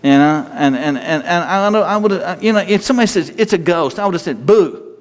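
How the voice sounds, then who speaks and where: A man's voice: high-pitched, quick pace. Man preaching in a reverberant hall. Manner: animated storytelling, jumping between loud and quiet. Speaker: pastor. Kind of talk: sermon.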